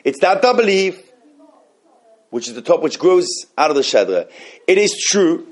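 A Torah teacher with a higher male voice leads a halachic class that includes questions. His delivery is sing-song, and he explains the texts slowly, restarting often and repeating phrases.

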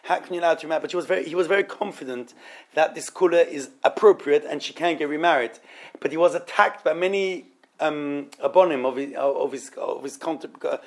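A man teaching an informal Torah study class, halting and often repeating words as he explains. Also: fairly high pitch.

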